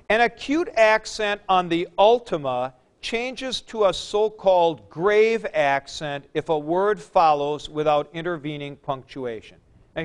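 A man's voice: on the high side, clean tone. A man teaching ancient Greek accents in a classroom lecture, explaining step by step with spoken examples.

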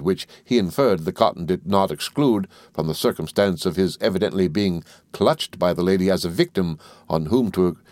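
A man narrating a classic novel as an audiobook reader in a measured, even delivery. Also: low-pitched, dry recording.

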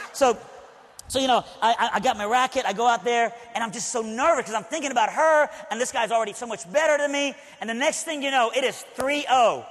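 A man's voice: extremely high pitch, fairly bright tone. A male preacher from Alabama telling a personal story in a sermon, talking conversationally with frequent asides to the audience. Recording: long hall reverb.

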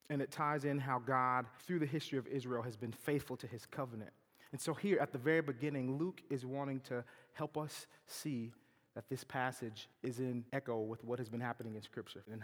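Campus preacher, a man, sermon delivery, loud emphatic quotes against soft asides, hall reverb. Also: medium pitch. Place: campus chapel.

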